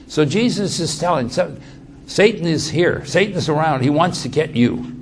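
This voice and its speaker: Dramatic preaching man, slightly high voice. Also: expressive, moderate pace, a little hiss or hum. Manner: dramatic quoting of scripture, shifting loudness and pace. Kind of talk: sermon.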